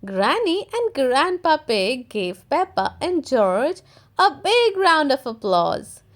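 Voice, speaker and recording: A woman reading a children's picture book aloud in an expressive, gently paced way. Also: sits high, slow pace. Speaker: storytime reader. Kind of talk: children's read-aloud narration.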